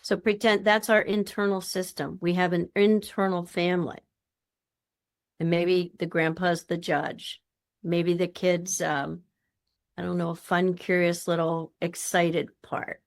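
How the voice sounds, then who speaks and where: A woman's voice: on the low side, measured pace. A woman presenting a workshop in a chatty, informal teaching style. She acts out the voices of the people she quotes.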